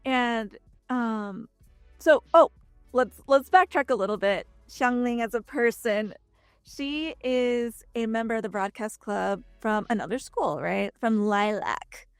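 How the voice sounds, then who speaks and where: A woman's voice: a little high, slow, clean tone, dry recording, soft background music. Chatty young woman from Texas. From Texas, United States. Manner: chatty, frequent fillers and lively quoted asides. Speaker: voice actress guest. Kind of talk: casual interview chat.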